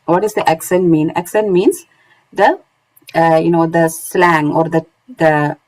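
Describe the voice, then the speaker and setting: A woman's voice: low voice, fairly even intonation, unhurried, darkish tone, rough recording. A woman teaching Quran recitation online in English with a non-native accent, explaining step by step and often checking with "isn't it?". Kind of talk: online lesson.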